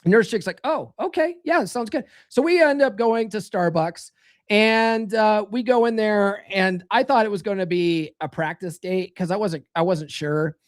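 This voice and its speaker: A man's voice: sits high, moderate pace. A man in his thirties hosting a livestream about dating, reading chat comments in a blunt, crude way and calling listeners brother. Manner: mimics others in raised voices. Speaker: dating coach and livestream host.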